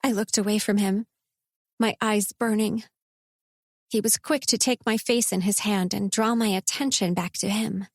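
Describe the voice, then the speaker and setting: A woman narrating a first-person romance audiobook in a measured, intimate reading. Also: medium pitch, fairly even intonation, dry recording, clean studio sound.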